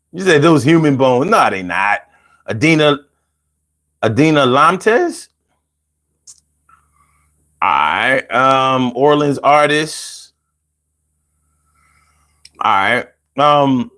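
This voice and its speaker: A man hosting a casual call-in show, animated and playful, chanting lines rhythmically and chatting with viewers. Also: medium pitch, slow, creaky, pauses often. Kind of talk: casual livestream talk.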